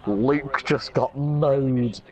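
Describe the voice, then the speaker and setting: A teenage boy with a British accent chatting over a headset while gaming, excitable and teasing, laughing often. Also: mid-range voice, very slow. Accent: British English. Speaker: gamer. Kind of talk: casual gaming chat. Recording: noisy game chat capture.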